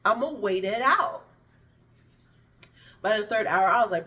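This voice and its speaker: A woman vlogger telling a painful personal story in a candid, blunt and animated way, swearing freely and acting out what others said. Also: medium pitch, takes it slowly, long pauses, far from the mic. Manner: blunt, profane and animated, with vivid impressions of others.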